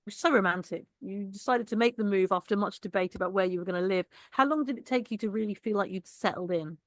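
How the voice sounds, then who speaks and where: Woman podcast host, mid-pitched voice, dry close sound, jokey. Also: fast, no echo. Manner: laughs often, jokey. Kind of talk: casual podcast chat.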